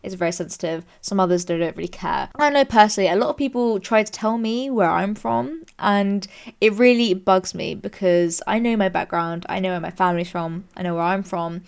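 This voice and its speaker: Young British woman streamer, casual chatty read-and-react delivery, lively pitch jumps. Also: brisk, gravelly, smooth. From Britain. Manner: chatty, animated, jumps into high squeals when amused. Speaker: streamer reading and judging online stories. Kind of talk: casual commentary reading posts aloud.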